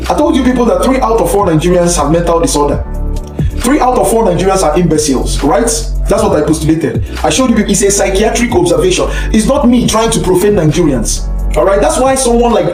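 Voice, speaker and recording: Animated mocking man in an echoey room. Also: high-pitched, quick pace, soft background music. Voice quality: animated, mocking laughter, shouting. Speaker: social media commentator. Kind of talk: ranting video commentary.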